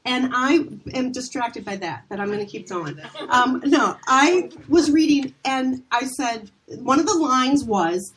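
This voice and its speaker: A middle-aged woman from Minnesota, a casting director, telling animated, self-deprecating stories in a rambling chat. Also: high-pitched, a little slow, hardly any pauses, background noise. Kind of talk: casual storytelling chat.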